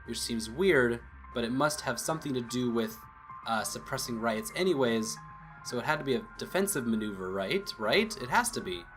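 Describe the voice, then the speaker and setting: A man hosts a let's play, reading story text aloud and jumping in with excited reactions and half-spoken theories. His voice is an ordinary middle pitch, with faint music playing underneath. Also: normal speed. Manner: excitable asides, thinking aloud. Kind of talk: reading a visual novel aloud with commentary.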